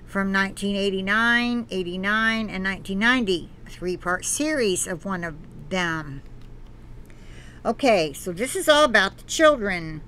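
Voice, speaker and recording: A woman's voice: medium pitch, lively intonation, sharp tone, a little hiss or hum. A woman hosting her own channel, reading an article aloud and breaking off into earnest, preachy comments. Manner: earnest, preachy asides between read passages; halting, with restarts. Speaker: channel host.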